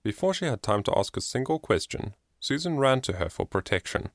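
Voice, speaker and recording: A man narrating an audiobook in an expressive storytelling manner. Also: fairly low pitch, brisk, dry recording, studio quality. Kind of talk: scripted narration.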